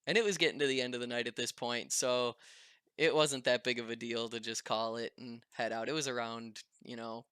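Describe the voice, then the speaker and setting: Male vlogger, casual storytime delivery, animated and chatty, bright clear tone. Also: medium pitch, fairly quick, dry recording, studio quality. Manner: animated, chatty, laughing often.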